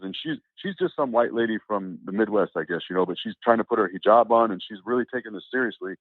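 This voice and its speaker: A man telling a personal story as an interview guest, animated and acting out the dialogue as he goes. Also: fairly low pitch, quick pace, hardly any pauses, no room sound. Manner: animated, acts out quoted dialogue, repeats words. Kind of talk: casual spoken storytelling. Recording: tinny, phone-like, dry.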